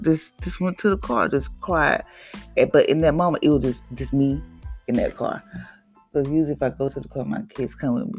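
A mother in casual personal testimony, telling an animated story and acting out the voices of others. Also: extremely low pitch, vocal fry, breathy edge.

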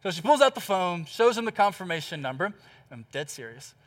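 Guy preaching in church, high voice, lively story, hammers words over and over. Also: a little fast. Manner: animated, emphatic repetition. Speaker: pastor. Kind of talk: storytelling sermon.

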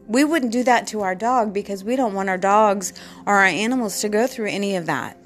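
A woman tells a personal story from her work as a respiratory therapist, in an earnest, halting manner. She often circles back and repeats her words. Her voice sits mid-range, with faint guitar music playing behind her. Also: medium pitch.

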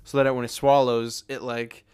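A man's voice: medium pitch, little pitch movement, normal speed, darkish tone, clear, resonant tone. A young man co-hosting a comedy podcast, playing along in an improv bit with stumbling restarts and frequent laughter. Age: young adult. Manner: hesitant, giggly, stumbling restarts. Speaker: podcast co-host. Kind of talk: casual improv chat.

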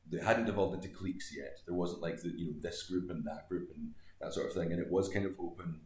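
Deep fast-talking Scottish man. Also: reverberant. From Scotland. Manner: animated, rambling anecdotes with many fillers. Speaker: guest comedian. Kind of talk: casual podcast storytelling.

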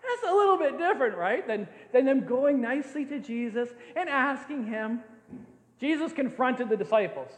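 A man's voice: very high voice, expressive, normal speed. An older man preaching a sermon as a pastor, playful and often laughing as he acts out scenes. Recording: echoey hall with long reverb.

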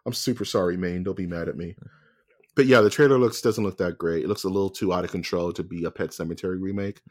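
A man with a fairly low voice chats casually as a podcast co-host. He talks in an animated, joking way, tossing in quick asides. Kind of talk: casual chat.

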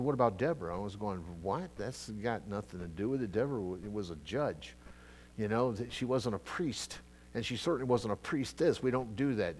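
A middle-aged male pastor teaching a sermon in a casual, conversational way, jumping between loud emphatic bursts and quiet asides, with frequent restarts. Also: mid-range voice.

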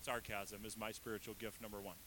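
A man's voice: fairly low pitch, little pitch movement, a little fast, noisy background. A man in his thirties, a pastor giving a conversational sermon with candid, self-deprecating asides. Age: 30s.

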